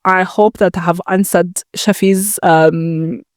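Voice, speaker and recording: Chatty young woman podcaster, dark voice. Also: fairly low pitch, fairly even intonation, slow pace, no room sound, studio quality. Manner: chatty, rambling, acts out phone calls. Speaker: podcast host. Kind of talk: casual solo podcast chat. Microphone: talking to a camera.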